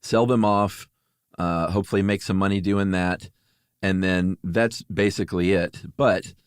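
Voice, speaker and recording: Deep-voiced easygoing male podcast host. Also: fairly even intonation, a little slow, smooth, no room sound, studio quality. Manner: easygoing, chuckling, fillers. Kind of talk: casual chat.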